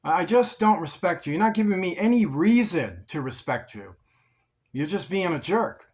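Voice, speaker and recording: A man's voice: high-pitched, very animated, normal speed, darkish tone. A man voicing God as a blunt, stern male deity who speaks plainly and scornfully. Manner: plain-spoken, scornful toward the unfaithful.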